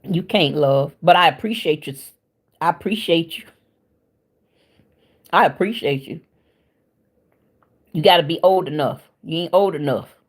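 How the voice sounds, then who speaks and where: A woman's voice: low voice, a little slow, pauses often, breathy edge. A woman hosting a cooking livestream, chatting frankly with her viewers and sounding tired and winded. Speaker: cooking channel livestream host. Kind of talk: casual chat with viewers.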